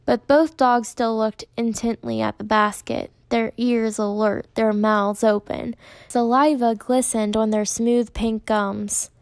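A woman narrating a children's novel in a measured, steady reading. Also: fairly high pitch, no echo. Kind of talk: audiobook narration.

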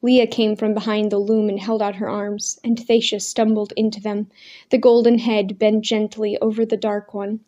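A woman reading a novel aloud as narrator, in a measured, expressive way. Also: mid-range voice, muffled recording. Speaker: audiobook narrator. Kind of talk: scripted narration.

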